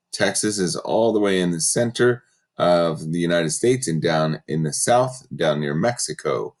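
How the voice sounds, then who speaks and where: A man teaching a third grade class in a recorded lesson, giving patient step-by-step instructions and reading from a textbook. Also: low voice.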